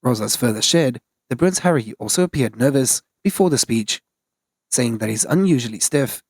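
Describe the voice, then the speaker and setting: A man reading scripted news narration in a flat, even delivery. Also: medium pitch, normal speed, husky, no room sound.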